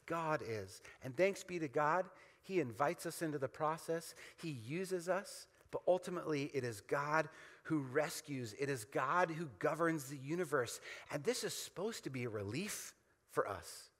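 Pastor, male, high bright voice, emphatic repeating sermon delivery, hall reverb. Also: animated, normal speed. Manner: emphatic, repetitive call-and-response preaching.

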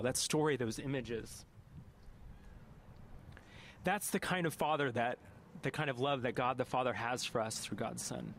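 A man's voice: mid-range voice, fairly bright tone, a little hiss or hum. A man preaching a sermon as a pastor, reading a story aloud and reflecting on it earnestly, now and then correcting himself mid-phrase. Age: adult parent.

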